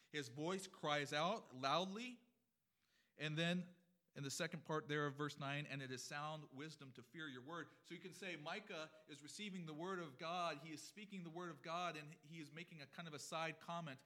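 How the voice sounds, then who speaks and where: A man's voice: fairly high pitch, a little fast, bright, forceful tone. A man preaching a sermon in a church, earnest and emphatic, building up and then dropping back. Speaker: pastor. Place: church sanctuary.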